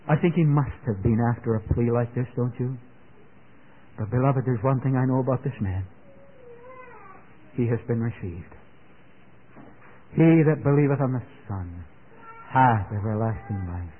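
Older male radio preacher, earnest to fervent, mid-pitched, tinny lo-fi broadcast. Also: measured pace, pauses often, a little hiss or hum. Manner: earnest, building to fervent exclamations. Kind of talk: sermon.

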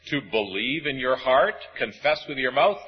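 Husky preacher with lively, swinging delivery. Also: male voice, mid-range voice, normal speed, muffled recording. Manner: emphatic, swinging between loud and hushed. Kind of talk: sermon.

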